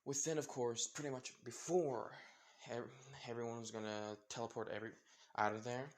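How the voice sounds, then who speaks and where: A young man spins a fan fiction story off the top of his head, his voice sitting at an ordinary middle pitch. He rambles and trips over his words, fixing himself mid-sentence and leaning on filler words as he goes. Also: fairly even intonation, normal speed, slight background noise. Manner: rambling, full of fillers and self-corrections. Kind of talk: improvised fanfiction storytelling.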